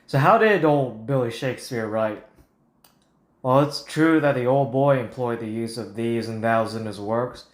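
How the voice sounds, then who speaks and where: A man's voice: mid-range voice, unhurried. A man reading a prepared talk aloud as a Bible teacher, in a blunt and combative way. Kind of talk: scripted talk on Bible versions. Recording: roomy echo.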